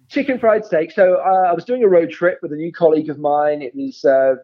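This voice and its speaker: A man's voice: fairly high pitch, fairly quick, muffled recording. An English man from England, a podcast guest, telling stories with polite, wry humor in casual chat. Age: adult.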